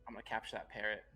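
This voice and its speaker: A man's voice: on the low side, bright, forceful tone. A man playing a tabletop game, joking and laughing in casual banter. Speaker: player.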